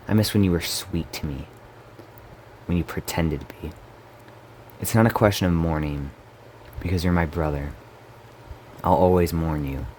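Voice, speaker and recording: Very deep-voiced man reading quietly. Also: slight background noise. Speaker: story reader. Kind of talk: dramatic reading of a story game.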